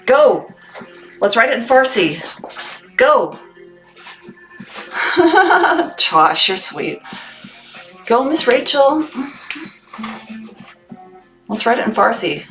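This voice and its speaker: A woman's voice: fairly high pitch, big pitch swings, takes it slowly, pauses often, fairly bright tone, faint music behind, poor audio. A young woman hosting a casual livestream, chatty, laughing and rambling as she works. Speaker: livestream host packing orders.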